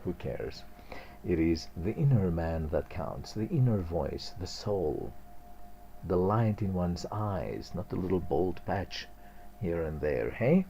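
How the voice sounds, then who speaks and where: A man's voice: deep voice, expressive, takes it slowly, vocal fry, mellow, soft background music. A man hosting a spiritual radio talk, reflective and chuckling often.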